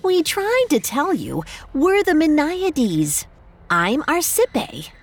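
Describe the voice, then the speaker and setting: A woman's voice: sits high, huge pitch swings, slow pace, voice pushed up, full character voice. A woman voicing a princess turned into a bat, speaking with forced cheer and resignation in a storybook tale. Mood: explaining.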